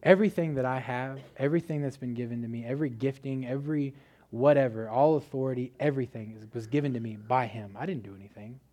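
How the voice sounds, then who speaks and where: A man's voice: medium pitch, fast talker, dark tone. A man preaching a sermon in a casual, conversational way, telling a story with many "like" fillers.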